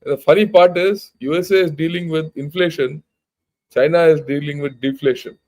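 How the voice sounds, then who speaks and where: A man's voice: on the high side, steady tone, moderate pace, darkish tone. An older man with an Indian accent, a retired general and channel host, giving a blunt, emphatic informal talk and reading out news. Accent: Indian English. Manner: emphatic, blunt, conversational with many restarts.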